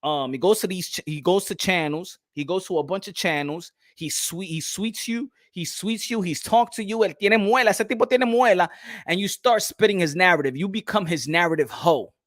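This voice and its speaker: Give me a slightly high, bright young man doing casual boxing commentary, stammering and repeating words. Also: moderate pace, no room sound, studio quality. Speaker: boxing channel host.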